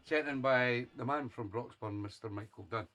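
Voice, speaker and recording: A man's voice: mid-range voice, normal speed, a bit bright. A man hosting a radio show, chatting casually between songs in a jokey, teasing way and chuckling often. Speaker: radio DJ host.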